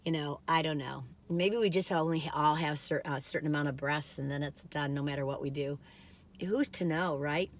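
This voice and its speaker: A woman's voice: deep voice, normal speed. A woman in her sixties, retired, chatting casually and rambling from one story to the next while taste-testing food for her vlog. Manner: lively swings between loud excited bursts and quiet musing. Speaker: food vlogger. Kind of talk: casual taste-test chat.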